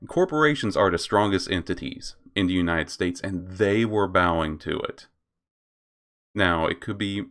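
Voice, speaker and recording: A man's voice: deep voice, fairly bright tone. A man hosting his own commentary channel, reading out posts and reacting with frequent laughter, swearing and stumbles over names.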